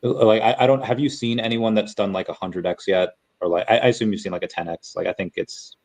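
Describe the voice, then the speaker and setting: A man chatting as a guest on a podcast, asking hesitant, halting questions. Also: fairly low pitch, steady tone, a little mellow. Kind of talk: casual chat.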